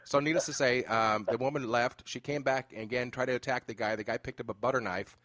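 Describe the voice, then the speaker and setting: A man hosting a podcast interview, telling an animated story with many fillers. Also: medium pitch, fast talker, no echo, clean studio sound. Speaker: podcast host. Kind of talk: casual interview chat.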